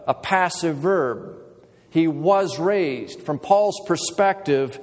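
A male pastor preaching a sermon in measured, emphatic phrases with deliberate pauses, speaking to a congregation in a church sanctuary through a pulpit mic. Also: on the high side, darkish tone. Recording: long hall reverb.

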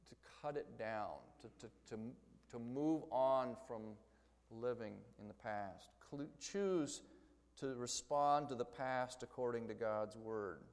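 A man's voice: mid-range voice, slow pace, big-room sound. A man giving a Bible lecture in a conversational way, explaining his points through everyday story examples. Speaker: Bible teacher. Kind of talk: church lecture.

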